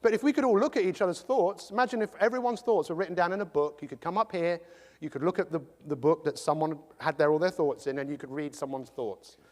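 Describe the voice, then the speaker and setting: An English man giving a jokey, animated motivational talk to a live audience, acting out quick impressions. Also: on the high side, long reverb tail. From England. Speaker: motivational speaker.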